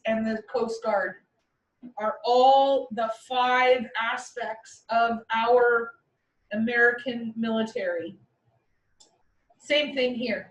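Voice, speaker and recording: A woman teaching a class in a playful way, with vivid comparisons and quick mock voices, recorded from across the room. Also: a little high, distant mic. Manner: playful, uses military metaphors and mock voices. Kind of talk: classroom lecture. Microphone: far from the mic. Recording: echoey classroom recorded from afar.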